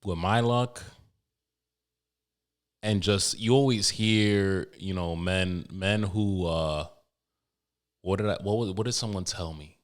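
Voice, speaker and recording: Brief: young male podcast host, low voice, profane, emotional, rambling with restarts. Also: slow pace, pauses often. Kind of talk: casual podcast monologue.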